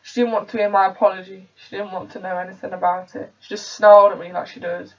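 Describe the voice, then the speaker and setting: A young woman from England performs a solo dramatic monologue. She tells the story casually and breaks into loud bursts now and then. The voice sits back from the mic, and the recording sounds dull and muffled. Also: medium pitch, level tone, fast talker. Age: young adult. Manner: conversational storytelling with sudden loud outbursts. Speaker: theatre student. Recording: dull, distant home recording.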